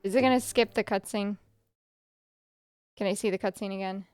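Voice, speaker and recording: A woman's voice: mid-range voice, a little fast, pauses often, a little hiss or hum. A young adult woman streamer giving casual, chatty gameplay commentary, swearing freely and talking to her chat.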